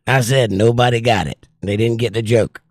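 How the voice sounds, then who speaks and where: A man's voice: mid-range voice, fairly even intonation, normal speed, darkish tone, no echo. A man hosting a casual livestream, reading viewer comments aloud and joking back, his voice strained and short of breath. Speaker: livestream host reading chat. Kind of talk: casual chat.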